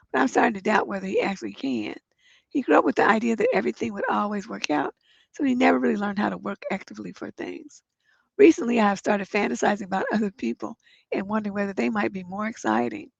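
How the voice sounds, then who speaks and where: A woman's voice: mid-range voice, creaky, husky, no echo. A middle-aged woman hosting a relationship advice livestream, sounding congested, who reads viewer letters aloud and then gives blunt, profane advice. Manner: blunt, profane, gets emphatic when giving advice. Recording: dull lo-fi stream audio.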